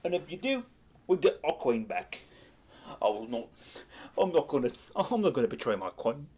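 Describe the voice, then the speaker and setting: A man's voice: medium pitch, very animated, moderate pace, a little mellow, breathy edge. Man doing an old Cockney goblin shaman. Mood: earnest.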